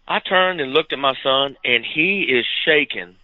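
A man co-hosting a podcast, telling a hunting story in a lively, animated way and acting out the dialogue. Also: medium pitch, measured pace, phone-quality sound. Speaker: podcast co-host. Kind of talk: casual storytelling.

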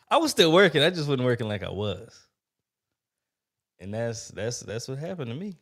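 Lively gravelly man telling stories on a podcast. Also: medium pitch, measured pace. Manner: animated, slangy storytelling with swearing. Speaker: podcast co-host. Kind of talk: casual podcast conversation.

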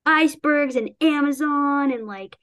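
This novelist's high-pitched, a-bit-bright voice moves a little slowly as she casually discusses her book. Laughter comes often, and she meanders, restarts, and acts out quotations.

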